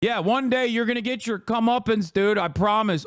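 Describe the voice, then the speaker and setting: A man's voice: extremely high pitch, normal speed, fairly bright tone, clean tone, no room sound, studio quality. Profane, combative male streamer ranting. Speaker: political streamer. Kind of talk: heated political rant.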